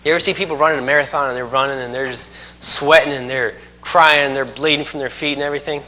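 Male preacher, folksy, emphatic, bright edge. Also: mid-range voice, fairly even intonation, fast talker. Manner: folksy, joking asides, emphatic repetition. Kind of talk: sermon.

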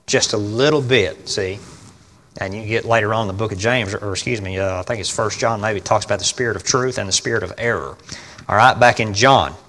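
A man preaching a sermon in a folksy, emphatic way, often asking his congregation questions and swinging between loud and quiet delivery. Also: fairly low pitch, a little fast. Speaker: pastor. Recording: long reverb of a large hall.

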